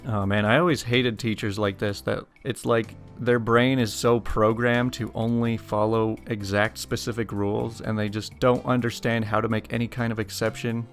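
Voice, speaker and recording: A man's voice: lowish voice, level tone, normal speed, few pauses, soft background music. A man hosting a channel, reading online stories aloud with casual, amused commentary.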